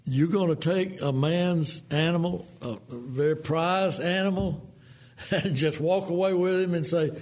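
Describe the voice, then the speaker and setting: A man preaching a sermon in a folksy manner, acting out quotes in a lower voice. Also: measured pace, darkish tone.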